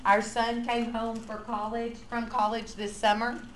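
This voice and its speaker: A woman leading a lively, playful workshop for church preschool teachers. She acts out quotes and drops to a whisper to draw the room in. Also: on the high side, a little slow. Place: large hall with an audience. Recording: echoey room with faint noise.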